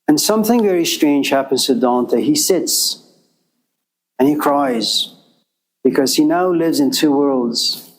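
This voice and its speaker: A man's voice: mid-range voice, rough recording. A man telling a story in a talk, acting out the voices of its figures as he goes. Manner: animated storyteller, acts out voices. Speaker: lecturer.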